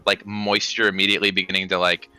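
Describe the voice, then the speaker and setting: A man's voice: low-pitched, level tone, fast, sharp tone, smooth, no echo, soft background music, low-quality recording. A man narrating as dungeon master of a tabletop game, describing scenes with frequent ums and restarts. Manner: descriptive, hesitant with many ums.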